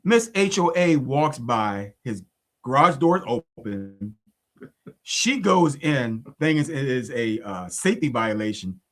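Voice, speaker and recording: A man's voice: mid-range voice, measured pace. A man co-hosting a faith podcast in casual chat. His mid-range voice rises and falls a lot as he tells indignant stories. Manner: animated, indignant storyteller. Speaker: podcast co-host.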